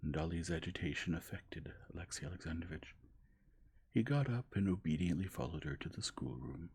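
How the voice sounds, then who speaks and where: Male narrator, whispered role-play; deep, airy, gentle delivery. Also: breathy edge. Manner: soft, slow, gentle. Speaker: narrator reading a novel aloud.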